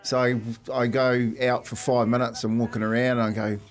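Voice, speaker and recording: A man with a New Zealand accent, co-hosting a breakfast radio show, telling animated stories and acting out what people said. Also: mid-range voice, a little fast, faint music behind. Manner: animated storyteller acting out quotes, laughs often. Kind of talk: casual storytelling chat.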